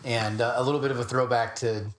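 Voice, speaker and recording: A man's voice: medium pitch, steady tone, fast talker. Blunt, teasing man in an echoey room. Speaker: podcast co-host. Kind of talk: casual podcast chat about music. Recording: echoey room with faint hiss.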